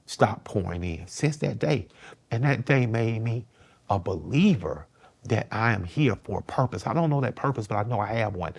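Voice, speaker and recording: A middle-aged man appears as a guest in an interview, telling a personal story plainly and earnestly. His voice is fairly low, and he swears casually.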